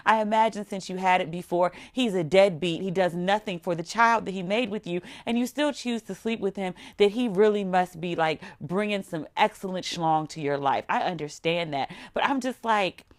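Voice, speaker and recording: A woman's voice: on the low side, moderate pace, hardly any pauses. A woman vlogger giving a blunt, sassy, comedic recap of a TV episode, often mimicking people's reactions. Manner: sassy, blunt, animated with mock quotes.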